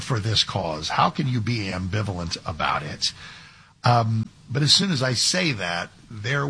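A man's voice: medium pitch, gravelly, fairly bright tone, a little hiss or hum. A man hosting a talk radio show as a fill-in, talking conversationally with sarcastic asides and frequent restarts.

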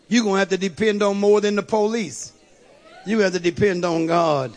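A man preaching a fervent sermon, shouting at the peaks and dropping low to teach. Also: animated, moderate pace, pauses often.

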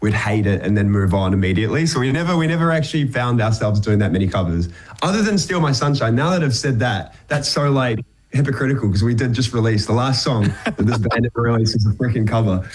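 A man's voice: mid-range voice, animated, fast, few pauses. A young man from New Zealand with a New Zealand accent, chatting casually as a musician guest, with lots of fillers and easy laughs. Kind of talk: casual interview chat.

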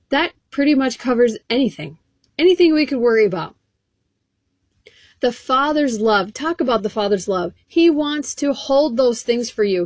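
An earnest woman preaching a sermon, with a fairly high voice. She reads scripture aloud and puts questions straight to her listeners. The sound is dry and close, with no room echo.

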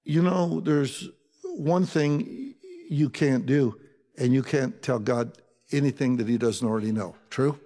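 A man preaching a sermon as pastor, talking in a conversational, animated way with asides to his congregation. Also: medium pitch, unhurried, big-room sound.

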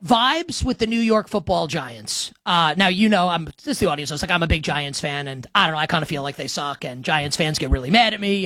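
A man's voice: high-pitched, a little fast, few pauses, fairly bright tone, dry recording. A young man hosting a casual sports podcast, chatty and rambling, with lots of fillers and restarts. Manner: rambling, filler-heavy, self-deprecating. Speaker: podcast host.

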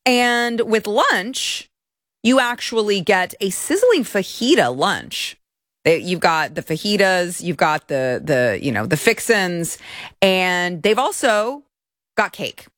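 Very animated yet slow-paced, this commentary show host has a mid-range, fairly bright voice. She delivers opinionated political commentary with sarcasm and indignation, sometimes mimicking people in mocking voices. The recording is studio quality with no echo.

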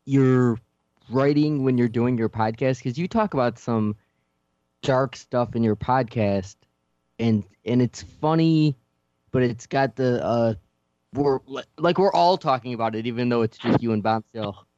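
A man co-hosting a radio interview, asking a question in a halting way. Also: medium pitch, darkish tone, dry recording, dull audio. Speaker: radio co-host.

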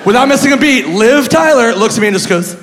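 A man doing stand-up, telling a story with animated laughter and sudden shouted bits. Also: very high voice, quick pace. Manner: animated, laughing, bursts into loud shouted impressions. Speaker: stand-up comedian. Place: comedy club stage. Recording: reverberant hall with faint crowd and noise.

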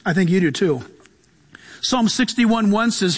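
High-voiced, animated male pastor preaching. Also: a little slow, pauses often, breathy edge, big-room sound. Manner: animated preaching with acted-out voices and sudden drops to a hush. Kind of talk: sermon.

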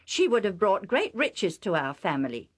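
A woman's voice: mid-range voice, sing-song, moderate pace. A woman reading a story aloud voices a furious, proud older chieftain who scornfully defends his daughter. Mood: indignant. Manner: indignant, scornful, declaiming.

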